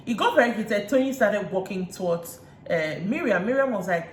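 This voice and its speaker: A Nigerian woman recapping reality TV in a chatty way, retelling scenes with lively asides. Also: mid-range voice, moderate pace, hardly any pauses. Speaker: reality TV reviewer. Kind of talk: casual recap chat. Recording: roomy room echo, faint hiss.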